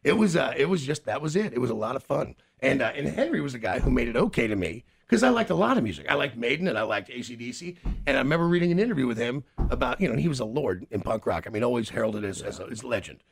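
Gravelly, husky man rambling excitedly. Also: medium pitch, racing, few pauses. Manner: rambling, stammering, laughs often. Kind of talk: casual chat.

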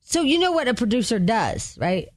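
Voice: medium pitch, very animated, normal speed, no echo. A morning radio co-host joining the banter with sarcastic, giggly remarks.

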